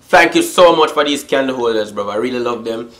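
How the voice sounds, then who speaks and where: A man's voice: medium pitch, lively intonation, fairly quick, a bit bright. A young man vlogging an unboxing in hyped, slangy chatter full of catchphrases and swearing. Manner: swears freely. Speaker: YouTube vlogger. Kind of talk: casual vlog unboxing.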